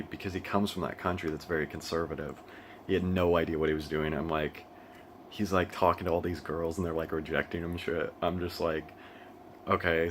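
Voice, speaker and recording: A man's voice: sits low, fairly bright tone, a little hiss or hum. A young American man talking casually to camera in a rambling monologue, restarting his sentences often and laughing between thoughts. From United States. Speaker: vlogger. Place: living in Asia.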